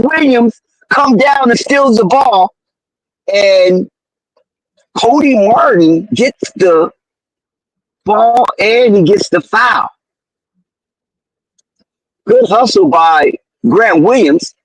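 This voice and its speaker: High-pitched excitable man calling a game. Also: dry recording, low-quality recording. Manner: excitable, outraged at referees, slangy. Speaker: live game commentator. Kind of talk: fan play-by-play commentary.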